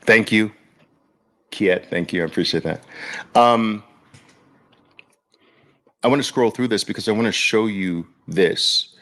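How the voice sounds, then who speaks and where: A man with a low, gravelly voice hosts a casual livestream, talking slowly and loosely to his viewers. He often checks in with them directly as he goes. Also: a bit bright. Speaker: podcast host.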